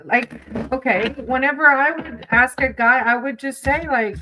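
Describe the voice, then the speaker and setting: A chatty woman livestreamer talks to her viewers between tarot readings. She giggles a lot, fills her sentences with likes and ums, and calls people sweetie. Her voice sits a little high and sounds very bright. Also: normal speed, a little hiss or hum, rough recording. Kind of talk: casual livestream chat with viewers.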